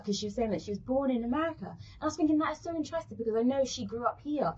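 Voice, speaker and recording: A British woman chatting as an interview guest, her voice husky and a little breathy. She tells stories in an animated way, stopping and restarting as she goes. The audio is muffled and lo-fi. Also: fairly high pitch, very fast. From England. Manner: animated storyteller, many restarts. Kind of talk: casual interview chat.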